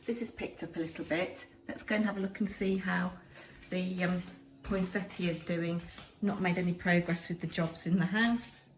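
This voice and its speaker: A woman's voice: on the low side, steady tone, normal speed. A middle-aged woman vlogging at home. She is chatty and self-deprecating and rambles casually. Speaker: vlogger, drama teacher.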